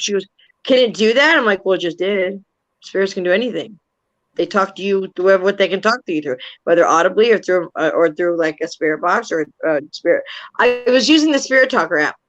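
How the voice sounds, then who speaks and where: A woman's voice: mid-range voice, dull audio. Woman, 50s, brash, foul-mouthed storyteller; casual chat co-host. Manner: brash, swears freely, animated storytelling. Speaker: paranormal investigator and co-host.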